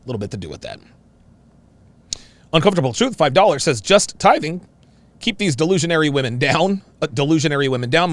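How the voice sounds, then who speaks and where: A man hosts a live show and reads viewer messages in a distinctive, animated voice that jumps from high to low. His tone has a gravelly fry in it. The sound is dry and close, with little room around it. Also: no echo. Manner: swings between very high and very low inflections. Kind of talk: live-stream commentary.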